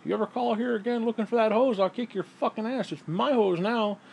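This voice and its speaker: A man putting on a blustering tough-talking man who makes threats, in a high mocking voice. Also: a little fast, gravelly, a little hiss or hum.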